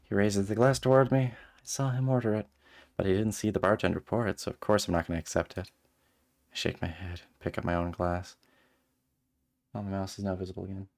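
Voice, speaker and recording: Deep-voiced male streamer reading aloud. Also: fairly quick. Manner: animated, exasperated asides. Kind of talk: reading a visual novel aloud with live commentary.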